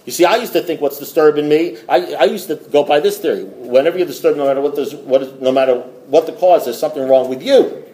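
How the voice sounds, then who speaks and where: A man's voice: fairly high pitch, fast, dark tone, a little hiss or hum. A middle-aged man giving a blunt, rambling recovery talk to a group, swearing and repeating himself. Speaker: AA meeting speaker.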